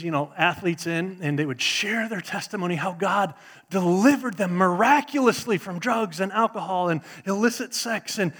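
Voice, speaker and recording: A middle-aged pastor with a high-sitting voice preaches an animated sermon, swinging between loud bursts and hushed asides.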